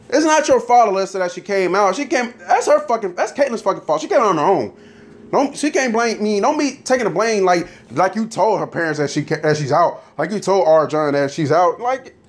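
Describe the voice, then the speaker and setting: A man ranting loosely about characters in a story game, full of fillers and swearing, then reading a chapter aloud. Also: sits high. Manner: animated, profane, frequent fillers.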